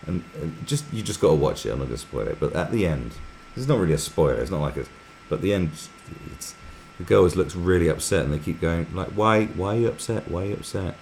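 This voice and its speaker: Very deep-voiced sweary man. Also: expressive, quick pace, few pauses, warm tone, a little hiss or hum. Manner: sweary, restless, often breaks into mocking impressions. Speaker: live stream host. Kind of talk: casual rambling commentary.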